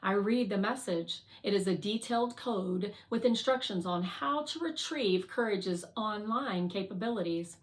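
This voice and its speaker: A woman narrating a children's novel aloud in a slow, clear, deliberate reading. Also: medium pitch. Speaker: read-aloud reader.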